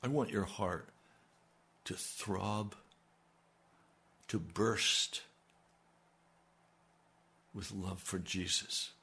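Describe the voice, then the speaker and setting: A man's voice: low voice, fairly even intonation, extremely slow, creaky, pauses often, sharp tone. A middle-aged male pastor giving a radio sermon and praying earnestly, pleading as he goes. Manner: earnest, pleading prayer that rises in intensity.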